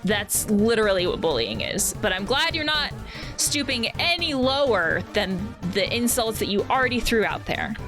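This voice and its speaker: A woman who works as a counselor, giving casual commentary while playing a game, with quick exclamations and thoughtful asides. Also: mid-range voice, very animated. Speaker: counselor playing video games. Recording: game music under voice. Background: game music.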